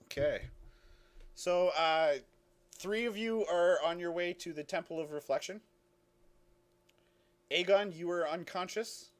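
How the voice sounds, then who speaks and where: A man's voice: high voice, a little slow, long pauses. Casual, rambling male game master. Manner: casual, many fillers and self-corrections. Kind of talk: running a tabletop game.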